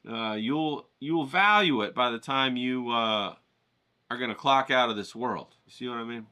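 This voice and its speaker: A man hosting a writing challenge, giving an energetic, casual pep-talk lesson full of swearing and storytelling. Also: medium pitch, moderate pace, clean tone.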